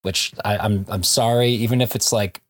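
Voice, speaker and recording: A man's voice: lowish voice, fairly even intonation, moderate pace. A man co-hosting a comic book podcast, recapping issues in a casual, jokey way with frequent laughs and asides. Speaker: podcast co-host.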